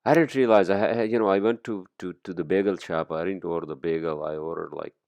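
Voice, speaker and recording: A man's voice: sits low, quick pace, vocal fry, a little mellow, dry recording, muffled recording. A man hosting a podcast, talking in a rambling, profane, casual monologue full of fillers. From immigrant to the US. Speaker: podcast host.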